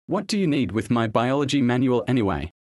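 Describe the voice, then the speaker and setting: A man voicing a bossy, angry teenage girl who scolds her younger brother in shrill, accusing tones. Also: sing-song, brisk, a little mellow, dry recording, clean studio sound, natural voice. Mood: angry scolding.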